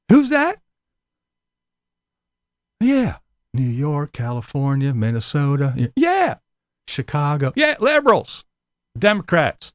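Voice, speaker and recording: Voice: mid-range voice, wildly swooping pitch, slow, pauses often, no room sound, clean studio sound. A vlogger delivering a profane, combative, sarcastic rant to the camera. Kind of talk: angry ranting monologue.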